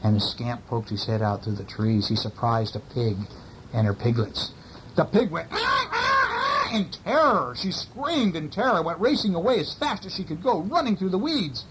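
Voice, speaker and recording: A man's voice: a little high, very animated, normal speed, a little hiss or hum, poor audio. A man reading a bedtime story to a child, with casual, chatty asides to the listener.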